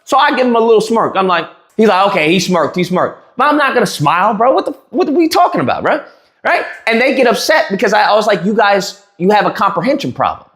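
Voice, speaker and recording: Animated, mocking man ranting in an echoey room. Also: sits high, quick pace. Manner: heated, mocking, laughs at own jabs, many fillers and restarts. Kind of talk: animated ranting recap to camera. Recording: roomy echo.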